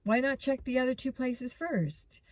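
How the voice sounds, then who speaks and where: A woman's voice: sits high, expressive, unhurried, no echo, pitched above the performer's own voice. A woman voicing a breezy, easygoing teenage boy detective in a storybook reading.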